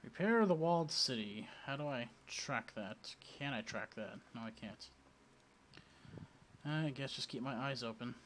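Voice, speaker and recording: A man's voice: medium pitch, lively intonation, measured pace, fairly bright tone, slight background noise. Wry Welsh man playing a game. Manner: wry, offhand, mumbling asides. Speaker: let's play host. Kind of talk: casual game commentary.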